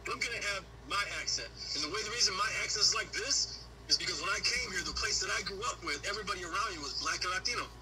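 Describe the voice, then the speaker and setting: Male guest from Honduras, quick and high-pitched, blunt and profane, music underneath. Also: expressive, background noise. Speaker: podcast guest. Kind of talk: heated casual conversation.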